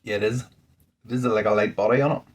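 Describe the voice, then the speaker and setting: A man's voice: fairly low pitch, fairly even intonation, fast. A man, a home brewer, talking casually through a beer tasting in a rambling, thinking-aloud way, indoors at home. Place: indoors at home under a ring light.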